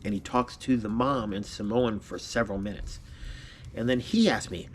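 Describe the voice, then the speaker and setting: A man's voice: fairly low pitch, normal speed, a little hiss or hum. Man telling a story, laughing often. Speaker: vlogger. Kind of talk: casual personal storytelling.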